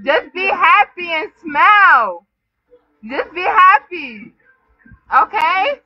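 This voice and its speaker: Drunk giggly woman, very high voice. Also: expressive, slow, soft background music. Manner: giggly, teasing, repetitive. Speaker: livestreamer. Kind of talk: drunk casual livestream banter. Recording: dull lo-fi stream audio.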